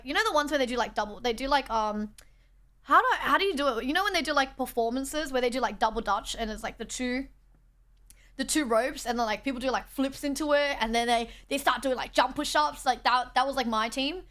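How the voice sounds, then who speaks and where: This is a young Australian woman's livestream, where she chats loosely and thanks her viewers while reading chat from a borrowed setup indoors. She talks a little fast in a high-pitched, fairly bright voice.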